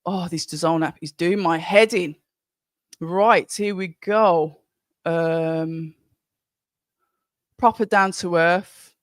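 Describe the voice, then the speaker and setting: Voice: mid-range voice, slow, long pauses, no echo, clean studio sound. Chatty streamer with a Birmingham accent. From Birmingham, England. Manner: chatty and rambling, with frequent restarts. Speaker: live-stream host of a boxing watch-along. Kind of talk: casual live-stream commentary, reading out chat.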